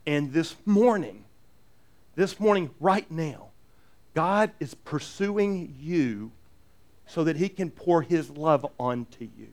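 A man preaching a sermon as pastor, earnest and animated, with jokey asides and lots of repeated restarts. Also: a little high, a little slow.

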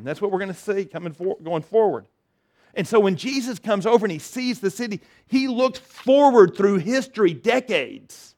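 A middle-aged man delivers a sermon, his voice sitting slightly higher than most men's. He talks earnestly and conversationally, stumbling over restarts. He rises to loud declarations and falls to quiet, low passages. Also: expressive, moderate pace. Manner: earnest, conversational preaching with many restarts and swings between loud and soft. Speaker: pastor.

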